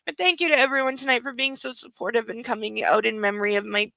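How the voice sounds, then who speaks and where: A woman's voice: a little high, fairly even intonation, quick pace, gravelly, sharp tone, no echo, poor audio. A young woman hosting an online book club, chatting and mocking the text with sarcastic asides. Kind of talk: sarcastic reading commentary.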